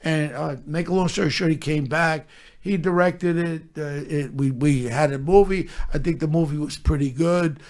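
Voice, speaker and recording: A man's voice: fairly high pitch, fairly even intonation, moderate pace, a little mellow. An older man, telling brash, profanity-filled stories and acting out other people's lines. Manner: brash, swears constantly, acts out other people's voices. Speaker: podcast host telling stories. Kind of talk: profane storytelling chat.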